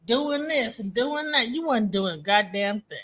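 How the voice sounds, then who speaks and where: A woman's voice: a little high, lively intonation, normal speed, bright, forceful tone. A young woman hosting a casual live-stream chat, rambling and joking with plenty of profanity. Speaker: host.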